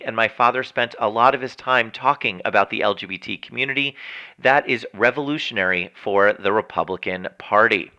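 A man hosting a news commentary segment, reading stories and adding his own chatty, opinionated remarks. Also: mid-range voice. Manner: chatty, editorializing, animated. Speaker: news show host.

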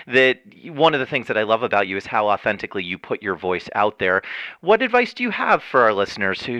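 A male podcast host talks with his guests in an earnest, heartfelt way and laughs easily. His voice is strikingly bright and forward. The recording is dry and close, with no room sound. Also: medium pitch, no room sound. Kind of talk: casual interview chat.

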